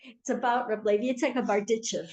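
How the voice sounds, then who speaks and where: A woman teaching a live Torah class, telling stories in an animated way and acting out the characters. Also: a little high, fast. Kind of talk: live storytelling lesson. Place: synagogue hall. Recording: roomy hall sound.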